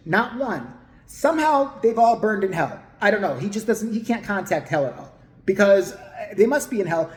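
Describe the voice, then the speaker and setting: Brief: crude, heated man in his forties, animated pitch, ranting in an echoey room. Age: 40s. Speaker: commentary vlogger. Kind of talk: profane ranting commentary. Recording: roomy echo.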